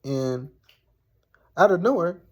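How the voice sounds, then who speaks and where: A man's voice: on the high side, animated, takes it slowly, a little mellow. A young man casually telling a personal story, blunt and profane, rambling with lots of fillers.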